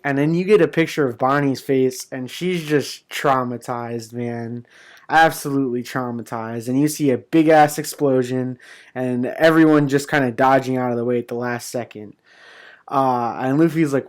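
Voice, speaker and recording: A young man casually recapping and reviewing a comic chapter, excited and rambling, with fillers, restarts and swearing. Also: medium pitch, moderate pace.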